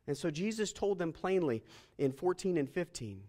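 A man preaching a sermon as pastor, animated and joking, asking the congregation questions. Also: on the high side, normal speed.

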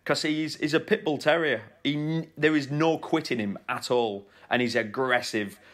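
A man's voice: mid-range voice, normal speed, fairly bright tone. A man co-hosting a podcast, telling stories in a casual, teasing way. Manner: storytelling, teasing banter. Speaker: podcast co-host. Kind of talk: casual chat.

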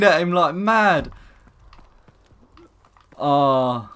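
A gamer narrates gameplay in an exasperated, ranting way. The voice is bright and lively, leaping up and down in pitch, and the talk moves slowly and deliberately. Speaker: gaming commentator. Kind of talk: gameplay commentary.

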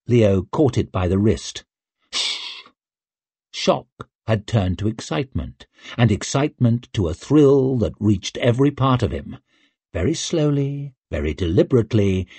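A man reading an audiobook in a measured, expressive way, close to the mic. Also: lowish voice, husky, dry recording. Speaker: audiobook narrator. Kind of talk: scripted narration.

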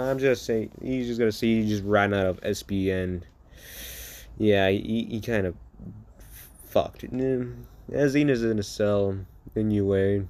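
A man's voice: lowish voice, a little mellow. A man improvising a fan story aloud, rambling, correcting himself and swearing casually. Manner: rambling, self-correcting, profane.

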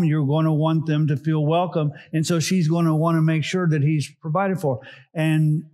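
A middle-aged man, a pastor, preaching a sermon in a relaxed teaching way with frequent "uh"s and side remarks. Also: fairly high pitch. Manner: conversational teaching with asides and filler "uh"s.

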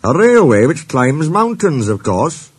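Brief: wry old storybook engine, voiced by a man, firm, teasing, husky voice. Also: on the high side, sing-song, measured pace, pitched above the performer's own voice, exaggerated voice.

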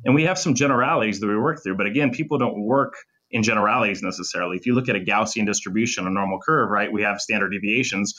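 A man's voice: fairly low pitch, pushed and bright. A man, a sports medicine doctor as podcast guest, explaining injury and muscle function in detail with clinical terms. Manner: fast, technical, lecturing with clinical terms. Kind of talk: podcast interview, explaining in depth.

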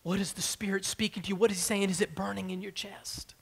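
Brief: soft-spoken male minister, high voice, churchy reverb. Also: little pitch movement, vocal fry, breathy edge. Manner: quiet and measured, sometimes dropping to a whisper. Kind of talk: sermon. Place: church sanctuary.

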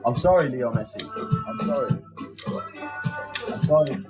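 A man's voice: mid-range voice, animated, moderate pace, poor audio. A man from England hosting a casual live stream, chatting, thanking viewers and rallying his team. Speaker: livestream host. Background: loud music.

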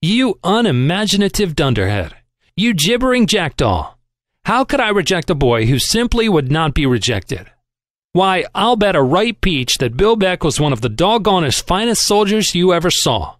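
A man's voice: sits high, very animated, moderate pace, no echo, clean studio sound. A man doing Cappy Ricks, a crusty old tycoon. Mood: scolding. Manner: barking, chirpy and teasing by turns. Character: crusty, shrewd old male shipping magnate.

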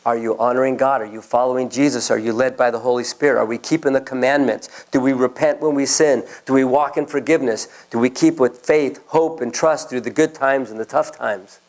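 A male pastor preaches a sermon in a mid-range, darkish voice, speaking fairly quickly with a steady tone and hardly any pauses. He tells personal stories and acts out the voices of the people in them. The recording is rough.

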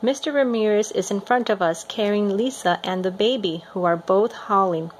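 A woman reading a picture book aloud in a steady, expressive storytelling manner. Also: medium pitch, normal speed, a little hiss or hum. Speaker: reader.

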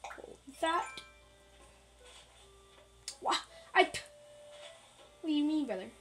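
A woman's voice: sits high, animated, takes it slowly, faint music behind, poor audio. A woman giving casual, rambling, playful commentary while playing a video game, with jokey asides. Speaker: gaming channel host.

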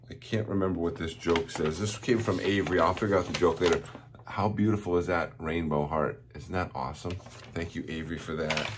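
A man's voice: sits low, noisy background. A man, a school principal, giving cheerful morning announcements to students and chuckling at their jokes.

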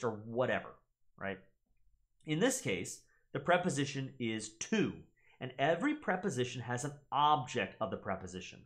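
Young american guy breaking stuff down for viewers, lively voice going up and down, keeps asking "right?". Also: medium pitch, normal speed. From United States. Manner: teacherly, checks in with "right?". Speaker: gaming channel host. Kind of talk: casual reaction and explainer.

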